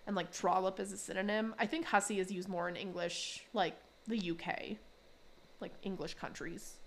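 A woman's voice: medium pitch, fairly even intonation, normal speed, a little hiss or hum. A woman hosting a podcast, casually recapping a cartoon episode in a chatty way, with frequent laughs and fillers. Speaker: podcast host.

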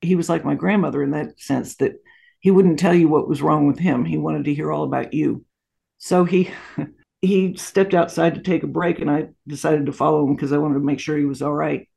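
A woman in her sixties recounting family memories in an interview. Her voice has a gravelly fry, and she tells stories with lots of asides and small laughs. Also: low voice, fairly even intonation, normal speed. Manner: warm anecdotal storytelling with frequent laughs and asides. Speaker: guest. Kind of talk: storytelling interview.

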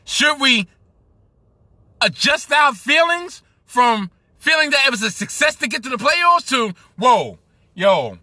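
A man's voice: high-pitched, sharp tone, no room sound. A man from Brooklyn with a New York accent, hosting a solo podcast and ranting profanely about sports. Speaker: podcast host.

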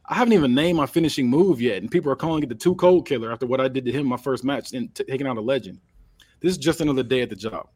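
A man's voice: medium pitch, very fast, darkish tone, slightly rough, no echo, lightly acted. A man cutting a promo as a cocky wrestling champ. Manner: cocky, boastful trash talk. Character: brash trash-talking male wrestling champion.

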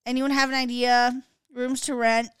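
A woman's voice: a little high, moderate pace, smooth, no room sound. A young woman from the Bay Area, co-hosting a podcast and telling stories expressively, full of "literally" and "girl". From San Francisco Bay Area. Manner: expressive storyteller, heavy use of "literally" and "girl". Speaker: podcast co-host. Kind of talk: casual podcast chat.

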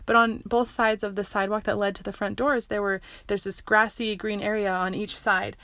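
A woman tells a personal story in a loose, chatty way, circling back and correcting herself as she goes. Her voice sits at an ordinary middle pitch. The sound is close and dry, with no room echo. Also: fairly bright tone. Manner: rambling, full of likes and restarts.

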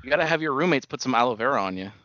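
A man's voice: medium pitch, expressive, very fast, sharp tone, no echo, muffled recording. A man co-hosting a casual podcast, teasing his friend and laughing a lot. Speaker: podcast co-host.

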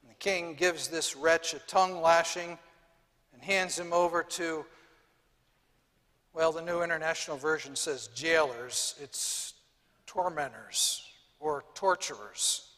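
Pastor, man, sermon in a big echoey church hall, higher bright voice. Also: slow pace.

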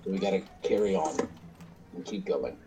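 A man's voice: deep voice, fairly even intonation, moderate pace, dark tone, poor audio. A man playing a tabletop role-playing game, talking in an earnest, blunt way. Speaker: player. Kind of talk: casual tabletop play.

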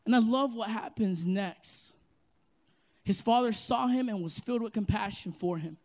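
High-voiced pastor preaching with big swings. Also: male voice, normal speed. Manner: energetic, swings from soft to loud. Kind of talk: sermon.

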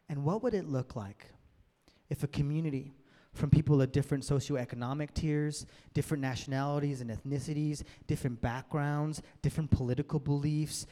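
A man's voice: mid-range voice, mellow. A male pastor giving a sermon, conversational and building to emphatic peaks. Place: church hall with long reverb. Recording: reverberant hall sound.

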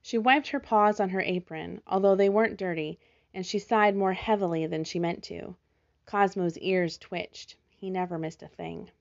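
A woman narrating a children's animal storybook in a gentle, measured way. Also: mid-range voice, fairly even intonation, vocal fry, lo-fi sound. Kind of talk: scripted narration.

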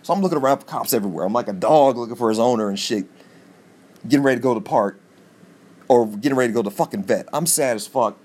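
A man hosting a podcast, telling a comic story in a profane, animated monologue with sudden jumps in pitch for emphasis. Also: fast. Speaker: podcast host.

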